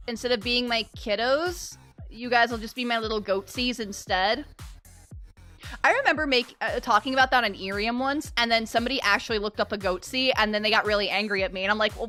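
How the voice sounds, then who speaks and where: A young woman streamer chatting casually with her viewers, animated and playful, swearing freely and laughing often. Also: a little high. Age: young adult. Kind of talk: casual livestream chat.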